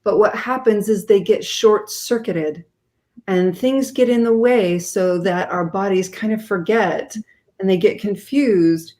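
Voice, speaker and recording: A woman's voice: mid-range voice, measured pace, dark tone. A woman speaking as a guest author in an interview, explaining her ideas in an earnest way.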